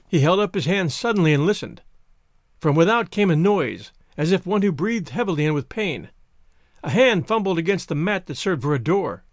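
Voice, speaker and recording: Male narrator, high voice, lively pitch, dry close sound, expressive storybook reading. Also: normal speed, no echo. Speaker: podcast narrator. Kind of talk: scripted narration.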